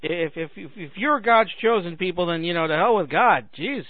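Sarcastic talk host, man, high voice, phone-thin dry audio. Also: expressive, moderate pace, no room sound, narrow, tinny audio. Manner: sarcastic ranting with mocking put-on voices. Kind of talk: comedic monologue.

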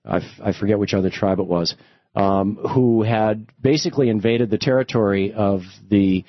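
Guy hosting call-in radio, low voice, dry muffled sound, talks loose and meandering. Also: normal speed, dry recording. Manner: conversational, thinks aloud with restarts. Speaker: radio talk show host.

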